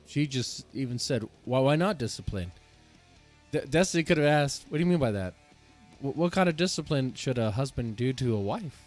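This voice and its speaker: A man's voice: medium pitch, animated, moderate pace, a little mellow, faint music behind. A man hosting a live stream, reacting to a debate and greeting viewers in loose, rambling casual commentary that restarts often.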